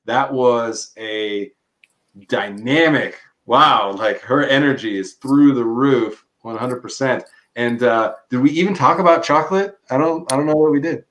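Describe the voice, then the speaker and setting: A man's voice: mid-range voice, unhurried, fairly bright tone, rough recording. A man hosting a podcast, upbeat and grateful, thanking his guest. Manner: enthusiastic, grateful. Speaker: podcast host. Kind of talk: casual interview chat.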